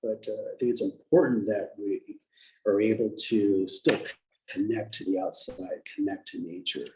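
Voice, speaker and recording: Conference speaker, man, deep voice, hesitant with fillers. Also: steady tone, normal speed, dark tone, slight background noise, low-quality recording. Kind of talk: presentation talk.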